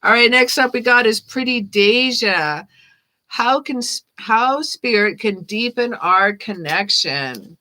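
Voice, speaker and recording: A woman's voice: fairly high pitch, lively intonation, slow pace, pushed and bright. A woman giving live-stream tarot readings, chatting casually with viewers, thanking them by name and laughing often. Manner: chatty, reads chat names aloud, laughs often. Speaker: tarot reader.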